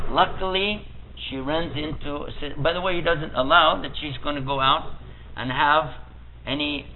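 An older man preaching a storytelling sermon, vividly telling a family story and acting out the people in it. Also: a little high. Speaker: Islamic preacher. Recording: tinny phone-like lo-fi recording, faint hiss.

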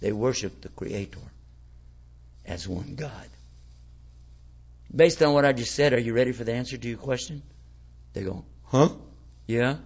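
An Islamic preacher with a medium-pitched, creaky, slightly mellow and husky voice speaks at normal speed, pausing often. His informal religious talk is folksy and conversational, posing rhetorical questions to listeners, in a lo-fi, dull recording.

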